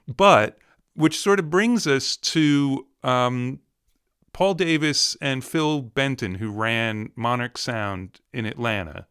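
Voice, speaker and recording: A man interviewing a guest in a relaxed, conversational way, laughing along. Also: medium pitch, slow pace, clean tone. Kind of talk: casual interview chat.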